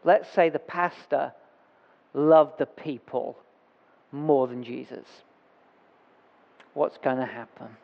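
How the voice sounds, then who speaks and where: A man's voice: mid-range voice, slow, vocal fry, pauses often. A man preaching a sermon in a church, talking in a conversational way, correcting himself and reading scripture aloud. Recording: dull reverberant church recording.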